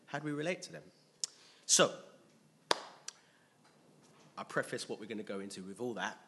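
A man's voice: lowish voice, animated, normal speed, noisy background. A man preaching a sermon to a congregation, earnestly asking them questions, often restarting his sentences, and reading scripture aloud.

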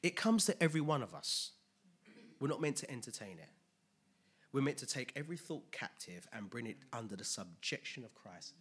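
A man preaching a sermon in a conversational way, dropping to quiet asides and rising to loud emphatic bursts. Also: medium pitch, very animated, a little fast, husky.

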